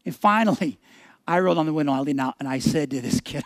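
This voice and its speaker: A pastor in his forties preaching a sermon, telling candid personal stories with animation and then slowing into a prayerful tone. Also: on the high side, no echo. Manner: animated, candid storyteller, shifting to a slower, prayerful tone.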